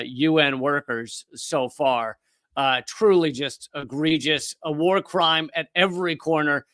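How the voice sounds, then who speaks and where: A man's voice: a little high, sharp tone, no room sound. Impassioned man on a live stream. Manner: impassioned, fast, with restarts and profanity. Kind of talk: political commentary live stream.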